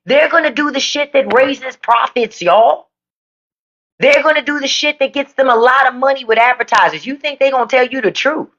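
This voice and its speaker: A woman's voice: sits high, normal speed, fairly bright tone, dull audio. A woman hosting a live stream, delivering a blunt, profane political rant to her viewers. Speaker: livestream podcast host. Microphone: phone or desk mic for a live stream.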